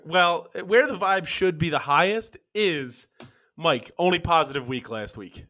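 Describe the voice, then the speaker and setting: A young man from Philadelphia hosts a relaxed sports betting chat. His voice is bright and sits a little high, and he talks in an easygoing way, tossing questions to his co-hosts. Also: a little slow. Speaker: podcast host.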